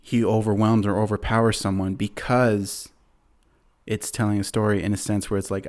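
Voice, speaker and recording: A man's voice: lowish voice, level tone, normal speed, a little mellow. A man hosting a podcast, casually retelling a movie plot in a rambling way, full of fillers and acted-out quotes. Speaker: podcast host.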